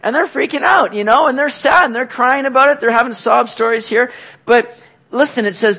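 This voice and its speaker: A man preaching a sermon as pastor, animated, acting out quotes with loud, excited outbursts. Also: extremely high pitch, brisk, vocal fry, slightly rough.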